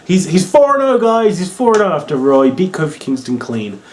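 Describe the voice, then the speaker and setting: A young man with a Norwich accent rambles through a wrestling review, excitable and swearing freely. His voice sits a little high for a man and leaps all over the place in pitch. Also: a little fast, a little hiss or hum. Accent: Norwich English. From England. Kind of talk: casual video review.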